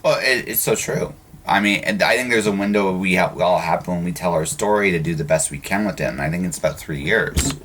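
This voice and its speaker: A man with a notably deep, low-pitched voice hosts a relaxed podcast conversation. He talks his way to each point, stumbling over restarts and doubled words as the thought forms. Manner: halting, with frequent restarts and repeated words. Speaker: podcast host. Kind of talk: casual conversational interview.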